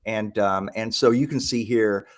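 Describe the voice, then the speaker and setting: A man presenting a live software demo, talking enthusiastically, with lots of ums and restarts. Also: fairly low pitch, fairly even intonation, unhurried. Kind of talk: live product demo talk.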